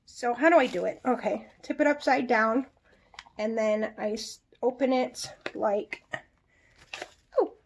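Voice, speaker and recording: A young woman with a high, bright voice talks through a product review for her vlog. She is chatty and animated and laughs easily as she goes. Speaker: vlogger.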